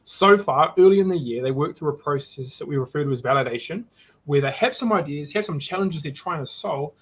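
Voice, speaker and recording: An enthusiastic man hosts a live online market for students. His voice is a little husky and sits on the higher side for a man, and he talks in a loose, rambling way, restarting his sentences as he goes. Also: fairly quick, a bit bright, rough recording. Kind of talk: live online event hosting.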